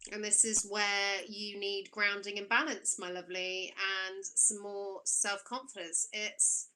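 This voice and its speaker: A woman's voice: mid-range voice, little pitch movement, unhurried, hardly any pauses, sharp tone. A woman co-hosting as an intuitive coach, encouraging and emphatic as she gives spiritual advice. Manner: encouraging and emphatic, repeats key phrases. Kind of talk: live-streamed spiritual coaching.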